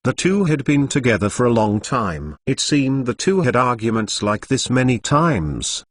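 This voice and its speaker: A synthetic male voice narrating a web novel, reading even the punctuation aloud. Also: medium pitch, measured pace, few pauses, dry recording, studio quality. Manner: machine-read, speaks punctuation aloud.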